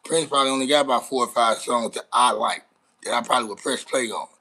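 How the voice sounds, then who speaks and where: A man hosts his live stream with a bright, forward voice at an ordinary middle pitch. He rambles casually, swears freely and stops to greet viewers in the chat. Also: fast, low-quality recording. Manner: rambling, profane, chats with viewers. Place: Dallas, Texas.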